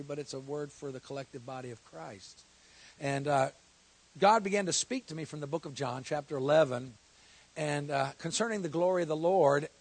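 A man preaching a sermon as pastor. He moves from quiet joking asides to loud, emphatic preaching and repeats phrases for emphasis. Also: on the high side.

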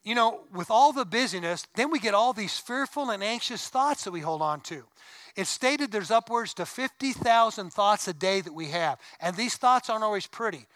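A middle-aged male pastor delivers a sermon in a high, bright voice. His tone is clean and smooth, and the sound is dry and close. He preaches conversationally, with asides and bursts of emphasis. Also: animated, normal speed, no echo, low-quality recording. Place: church sanctuary.

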